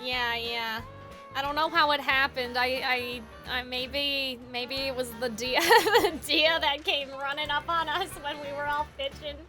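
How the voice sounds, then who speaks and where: A woman's voice: high voice, fairly even intonation, a little slow, music in the background, pitched below the performer's own voice. A woman playing a polite young fortune teller in a game, chatty and prone to stammering. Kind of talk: roleplay dialogue.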